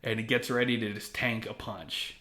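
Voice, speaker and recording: A man's voice: fairly low pitch, normal speed, echoey room. A man co-hosting a podcast, chatting casually and laughing often as he recaps an episode scene by scene. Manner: animated, laughs often while retelling. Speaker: podcast co-host.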